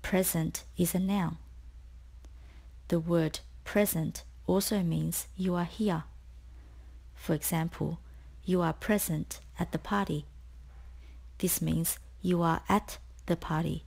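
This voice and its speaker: A woman tutor reading a scripted spelling lesson, explaining each word slowly and clearly. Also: lowish voice, a little mellow. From Australia. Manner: slow, clear, deliberate explanations.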